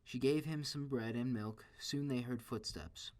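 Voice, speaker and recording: A man reading a children's story aloud in a steady, expressive way. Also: mid-range voice, measured pace.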